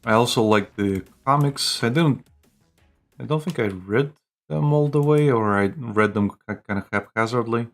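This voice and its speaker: A man's voice: mid-range voice, normal speed, soft background music. A man co-hosting a live stream, chatting casually and jokily with restarts. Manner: rambling, jokey, with restarts. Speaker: streamer co-host.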